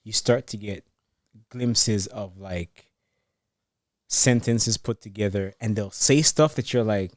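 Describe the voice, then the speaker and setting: A man co-hosting a parenting podcast, relaxed and quick to chime in with agreement. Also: on the low side, no echo, clean studio sound. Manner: relaxed, frequent agreeing murmurs. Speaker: podcast co-host, father. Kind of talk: casual chat.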